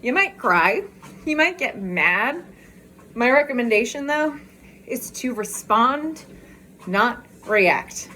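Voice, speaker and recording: A woman's voice: fairly high pitch, lively intonation, slow pace, pushed and bright, a little hiss or hum. A woman vlogger chatting candidly in a casual walk-and-talk video, talking outdoors as she walks.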